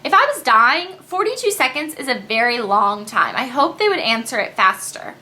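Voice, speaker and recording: A young woman telling a story to camera in a casual vlog, chatty and animated, with quick asides. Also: a little high. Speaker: beauty vlogger.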